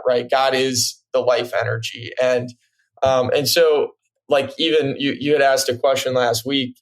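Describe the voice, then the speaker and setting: A man talking as a podcast guest in casual chat, reflective and hesitant, filling pauses with "like" and "right?". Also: mid-range voice.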